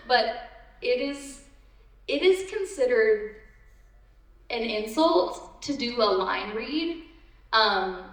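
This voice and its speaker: A woman's voice: fairly high pitch, animated, takes it slowly, pauses often. A woman in her thirties, a voice actor on a convention panel, chatting in a rambling, giggly way with lots of ums. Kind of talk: casual Q&A storytelling. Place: large convention hall. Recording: echoey hall from far off.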